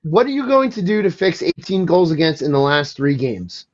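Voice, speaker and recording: A man's voice: fairly high pitch, big pitch swings, normal speed. Insistent male podcast host, lo-fi sound. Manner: insistent, repeats his questions, frustrated fan. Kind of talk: casual sports chat.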